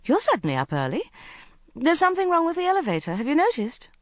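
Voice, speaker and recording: Narrator voicing cheerful young guest, chatty, high, quick, dry audiobook. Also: huge pitch swings, no room sound. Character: cheerful young hotel guest, breezy and friendly. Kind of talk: audiobook character voice.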